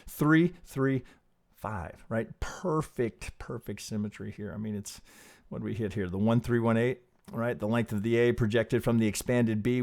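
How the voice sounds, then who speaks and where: A man walking viewers through trading charts in a loose, animated way, often breaking off mid-sentence to redraw a line or rethink a point. His voice sits at an ordinary middle pitch, and his talk is full of restarts, asides and the odd casual curse. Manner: animated, rambling, self-interrupting, casual swearing. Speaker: trading analyst. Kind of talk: live chart analysis.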